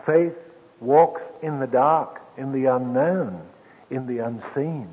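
Husky preacher on old tinny radio. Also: male voice, medium pitch. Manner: slow, emphatic, with soft drops and sudden lifts. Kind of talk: sermon. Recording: tinny old radio broadcast with long reverb.

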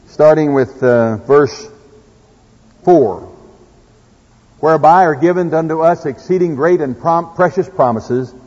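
A man's voice: fairly high pitch, mellow, breathy edge. A man with an Oklahoma accent preaching a sermon in a folksy way, telling farm stories and reading scripture. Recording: echoey hall, dull lo-fi sound.

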